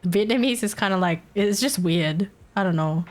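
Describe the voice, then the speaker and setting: A woman's voice: mid-range voice, normal speed. A woman with an Australian accent, streaming and chatting casually, giggly and swearing freely. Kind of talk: casual livestream chat.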